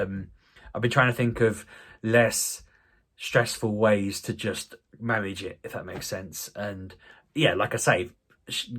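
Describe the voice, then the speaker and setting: A man's voice: on the low side, a bit bright, slightly rough. A man, talking casually to camera in a rambling, self-deprecating way with many restarts. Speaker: vlogger. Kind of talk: casual vlog talk to camera.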